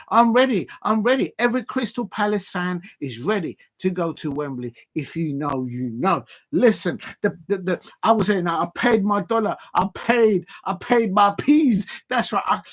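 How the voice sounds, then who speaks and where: Ranting excitably during a casual livestream watch-along, a South London football fan and host speaks in a high-pitched voice. His talk rambles with many fillers and repeated phrases.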